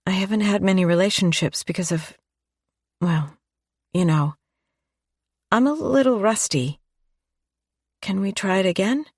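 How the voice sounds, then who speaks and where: A woman's voice: medium pitch, measured pace, long pauses, darkish tone, no room sound, clean studio sound. A woman narrator voicing a shy, playful single mother in an audiobook, light and bashful. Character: warm, shy single mother, a little self-conscious. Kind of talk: audiobook dialogue.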